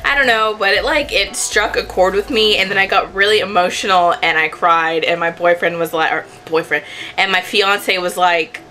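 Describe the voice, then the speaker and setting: Young female vlogger, casual and rambling, bright tone, light music bed underneath. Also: lowish voice, fairly even intonation, normal speed. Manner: chatty, rambling, self-correcting. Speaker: book vlogger. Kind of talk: casual chat to camera.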